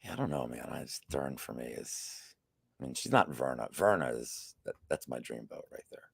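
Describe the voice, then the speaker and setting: Low gravelly man talking betting picks. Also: expressive, moderate pace, no room sound, clean studio sound. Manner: rambling, frequent restarts, profane asides. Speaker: sports betting podcast host. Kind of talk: casual betting picks chat.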